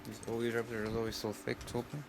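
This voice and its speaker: A man casually walking through a hands-on how-to, giving plain, unhurried step-by-step instructions. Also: medium pitch, completely flat delivery, very noisy. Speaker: tutorial presenter.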